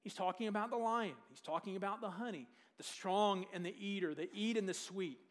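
A male preacher with a notably high voice delivers a sermon. He retells the scripture story in a lively way, asking the congregation questions and dropping in jokes as he goes. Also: a little fast.

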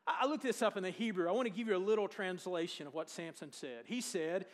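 A man's voice: high voice, quick pace. A man preaching a sermon, retelling a scripture story with jokes and questions to the congregation.

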